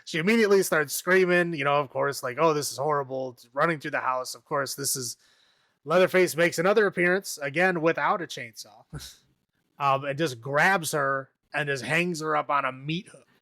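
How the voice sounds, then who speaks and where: A man's voice: fairly high pitch, moderate pace, sharp tone, no echo, clean studio sound. A man casually recapping a horror movie on a podcast, rambling, laughing often and acting out the characters' lines. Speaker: podcast co-host.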